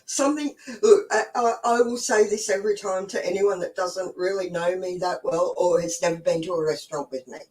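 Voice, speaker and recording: A woman's voice: fairly low pitch, a little fast, few pauses, darkish tone, distant mic, low-quality recording. An Australian woman in her forties hosting a live stream, telling stories in a chatty way, swearing freely and laughing often. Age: 40s. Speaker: host. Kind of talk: casual live-stream storytelling.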